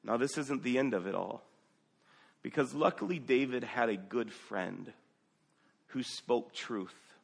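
A man's voice: mid-range voice, animated, measured pace, vocal fry, long pauses, breathy edge, big-room sound. A male pastor preaching a sermon, telling a story conversationally and reading scripture aloud.

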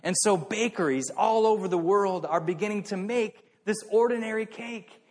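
A man preaching a sermon, telling a story in an animated way that swings between hushed and excited. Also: high voice, normal speed, big-room sound.

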